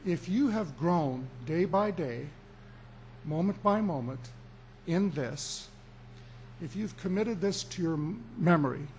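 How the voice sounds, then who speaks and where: A man preaching with a fairly high, light voice, drawing out his points slowly and pushing hard on key words. A faint hiss sits under the recording. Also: animated, a little mellow. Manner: emphatic preaching, slow deliberate pauses, rising for emphasis. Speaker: pastor. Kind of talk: sermon.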